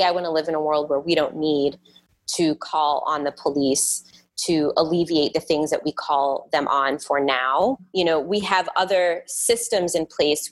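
A woman with a somewhat low voice, chatting as a podcast guest. she speaks thoughtfully and often stops to restart or repeat her words. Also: husky. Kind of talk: casual interview chat.

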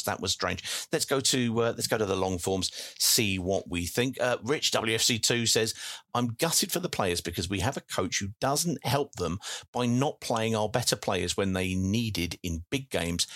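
A man's voice: lowish voice, a bit bright, dry recording, clean studio sound. Chatty man reading fan comments. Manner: reads comments aloud with many fillers and restarts. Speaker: podcast host reading listener messages. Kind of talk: casual post-match chat.

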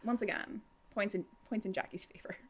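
A young woman co-hosting a casual book chat, animated and swearing, laughing often. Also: medium pitch, a little fast, slightly rough. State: tipsy. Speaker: podcast co-host.

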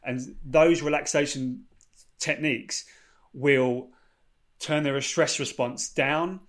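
A man talks through sleep advice in a relaxed podcast conversation. He explains patiently, piling up rephrasings and lists. His pitch sits in the middle for a man. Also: takes it slowly. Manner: explanatory, repeats and rephrases points. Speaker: sleep expert. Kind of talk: casual podcast chat.

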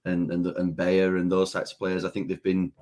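A man's voice: low voice, little pitch movement, moderate pace, a little mellow. A man co-hosting a football podcast, giving his views hesitantly with many restarts. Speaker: podcast co-host. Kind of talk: casual football chat.

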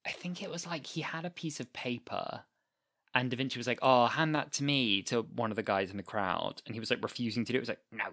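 A man's voice: medium pitch, quick pace, pushed and bright, dry recording, studio quality. A man guest on a podcast, rambling through stories with plenty of fillers. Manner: chatty, rambling storyteller with lots of fillers. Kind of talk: casual podcast chat.

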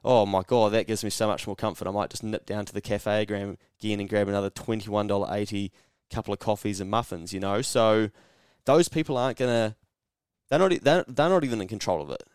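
A man's voice: lowish voice, brisk, clear, resonant tone, no room sound, clean studio sound. A man with a New Zealand accent hosting a solo podcast, talking bluntly and sarcastically and acting out mock dialogues. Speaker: podcast host. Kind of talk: casual solo podcast monologue.

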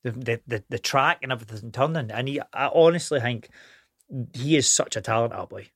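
A man's voice: mid-range voice, a little fast, fairly bright tone, no echo. A Scottish man, an actor guest, chatting casually and rambling with frequent restarts and free swearing in a podcast studio.

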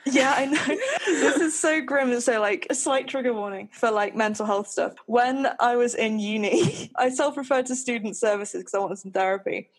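A woman's voice: fairly high pitch, normal speed. A woman from Nottingham with a posh southern English accent, a podcast co-host and stand-up comedian chatting casually, self-mocking and laughing often. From Nottingham, England. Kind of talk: casual chat.

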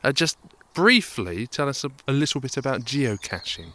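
A man's voice: medium pitch, sing-song, normal speed, sharp tone. A man co-hosting a casual family podcast with his young daughter, playful and teasing, with frequent "uh"s and restarts.

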